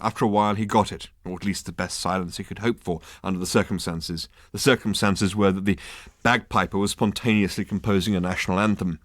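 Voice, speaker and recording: A British man narrating an audiobook in a dry, lively comic manner. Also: sits low, brisk, no echo. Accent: British English. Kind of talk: audiobook reading.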